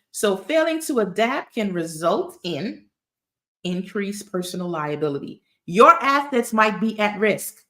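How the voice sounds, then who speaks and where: A woman's voice: mid-range voice, a bit bright. A woman talks through business advice in a casual, chatty way. She is emphatic and loves a storytelling aside, leaning on key points to drive them home. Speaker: tax resolution expert. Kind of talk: casual advice talk to camera.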